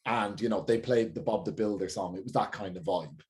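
A man in his forties recounts a wild party story on a comedy podcast. He slips in stray facts and mocks himself. His voice sits a little low. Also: brisk, a little mellow. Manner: fact-filled, self-deprecating. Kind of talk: anecdotal storytelling.

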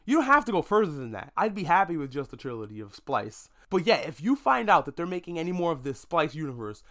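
A man in a casual podcast monologue, his voice sitting a little high and leaping around in pitch as he rants. He talks with mock outrage and swears freely, throwing in sarcastic asides. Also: very animated, fast, pushed and bright. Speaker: podcast host. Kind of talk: casual movie review monologue.

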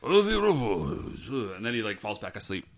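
A man's voice: lowish voice, slow. A man co-hosting a casual podcast, recapping an episode and acting out characters' lines. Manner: animated, acts out quoted lines. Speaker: podcast co-host. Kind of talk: casual chat recapping a show.

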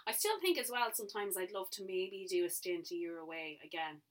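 A woman's voice: medium pitch, brisk, recorded from a distance. A woman from rural west of Ireland with a local Irish accent, co-hosting a podcast in casual chat, laughing and reacting as she talks. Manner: laughing, reacting, animated storytelling. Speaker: podcast co-host.

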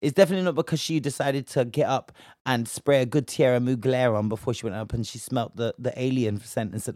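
A man's voice: medium pitch, brisk, hardly any pauses, a little mellow, no room sound, studio quality. Indignant British man ranting. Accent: British English. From Bristol, England. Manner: indignant, heated, slangy, emphatic. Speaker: commentator. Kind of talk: opinionated commentary rant.

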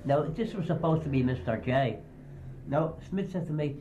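A man's voice: on the high side, moderate pace, mellow, a little hiss or hum. An older man recounting anecdotes in a rambling, anecdotal way, acting out the voices of the people he quotes. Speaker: storyteller. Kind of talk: oral history reminiscence.

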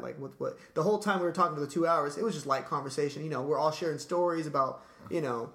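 A man's voice: fairly high pitch, quick pace, fairly bright tone. A man casually telling a long story in a podcast chat, laid-back and profane, dropping "dude" and "like" constantly.

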